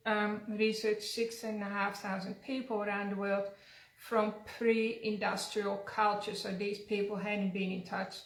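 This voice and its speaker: A woman's voice: mid-range voice, little pitch movement, measured pace. A woman hosting a casual health chat, talking loosely with fillers. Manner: chatty, uses fillers like "like" and "um". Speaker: wellness centre host. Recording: echoey room.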